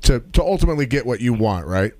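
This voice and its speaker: A man's voice: mid-range voice, big pitch swings, quick pace, darkish tone, no room sound. A man co-hosting a radio interview show, joking and teasing his co-host.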